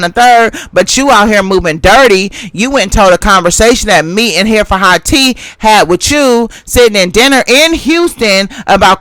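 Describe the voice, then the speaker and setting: A woman's voice: medium pitch, fairly bright tone, no room sound, natural voice. Lady acting out a blunt woman calling someone out, clipped slangy talk, swings up and down a lot, dry close mic. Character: confrontational woman guest, blunt, accusing. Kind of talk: reenactment of a heated livestream argument.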